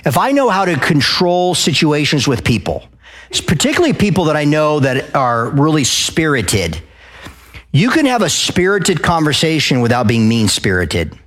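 A man from Arizona speaking at a live event, lecturing an audience in a loud, passionate way and often checking in with "okay?" and questions. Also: fairly high pitch, big pitch swings, normal speed. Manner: addresses the crowd with frequent "okay?" and questions.

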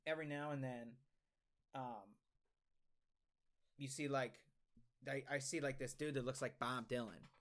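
A man's voice: medium pitch, a little slow, long pauses, a bit bright. A young man co-hosting a podcast, telling a long story in casual, rambling talk full of swearing and restarts. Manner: rambling, profane, many restarts. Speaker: podcast co-host.

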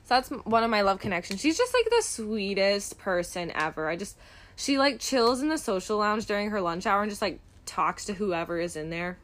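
A woman's voice: animated, fairly quick, fairly bright tone. A young woman co-hosting a podcast, chatting casually and bubbly, often gasping and laughing. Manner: doing high squeaky voices when quoting. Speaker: podcast co-host. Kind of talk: casual chat.

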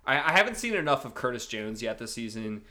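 A man talking football on a casual podcast, his voice bright and forward at a middling pitch. He rambles, stops and restarts, piling up fillers as he works through his predictions. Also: sing-song, fast. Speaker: podcast co-host, Liverpool supporter.

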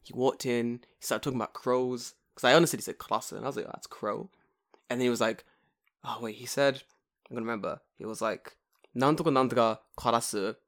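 Un hombre joven de Londres con acento londinense, que cuenta anécdotas en una charla informal, con muchas palabrotas y arrebatos de voz fuerte. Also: male voice, mid-range voice, fast talker, gravelly. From England. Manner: profane, animated storytelling with sudden loud outbursts. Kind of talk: casual chat.

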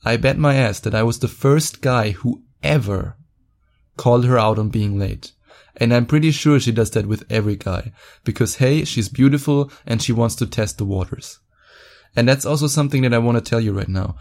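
A man's voice: mid-range voice, normal speed, a little mellow. A young man hosting a podcast, talking in a blunt, profane, boastful way. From Germany. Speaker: podcast host. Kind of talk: casual monologue podcast.

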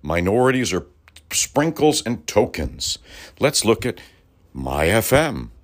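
A man's voice: fairly low pitch, sing-song, slow pace. Heated, profane male talk-radio host. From Los Angeles, United States. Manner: heated, profane, emphatic ranting with sarcastic asides. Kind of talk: political talk-radio monologue.

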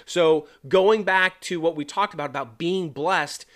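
A man's voice: on the high side, unhurried, a bit bright. A middle-aged man hosting a podcast, teaching the Bible in a loose, conversational way with many fillers and "right?" tags. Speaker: podcast host.

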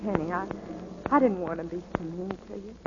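A woman's voice: fairly low pitch, a little fast, background noise, natural voice. An actress playing a young woman dancer, torn and pleading, in 1940s radio acting style. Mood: wistful. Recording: muffled old radio recording.

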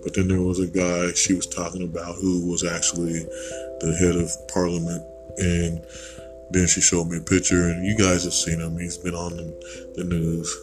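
A man's voice: low voice, monotone, normal speed, over music, rough recording. An American man hosting a podcast, rambling through a blunt, digressive opinion monologue with casual swearing. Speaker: podcast host.

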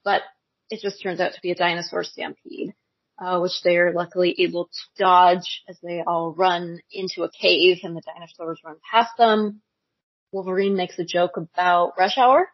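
Husky-voiced chatty woman. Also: on the low side, a little slow, no echo, lo-fi sound. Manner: animated, laughing, many likes and ums. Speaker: podcast co-host. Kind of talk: casual chat recapping a cartoon.

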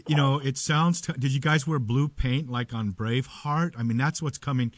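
A man's voice: mid-range voice, normal speed, no room sound. A man hosting a radio interview, asking questions in a wry, joking way. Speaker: radio show host. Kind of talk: casual interview chat. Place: broadcasting from a beach town studio.

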